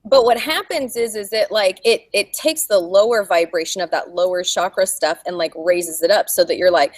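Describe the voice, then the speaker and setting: A woman's voice: fairly low pitch, normal speed, dry recording. A woman guest talking casually about spirituality in a rambling, chatty way, laughing often.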